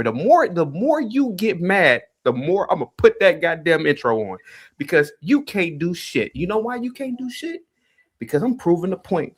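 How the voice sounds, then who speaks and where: A man's voice: high-pitched, slightly rough. A man hosting a livestream, ranting heatedly and taunting a caller with repeated jabs. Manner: taunting, repetitive, calls out a caller. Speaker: livestream host.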